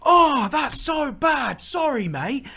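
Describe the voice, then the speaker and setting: A man's voice: very high voice, sing-song, slow pace, creaky, bright, forceful tone, voice pushed up, full character voice. A man voicing a sympathetic passerby, a friendly young British man with a soothing, matey way of talking.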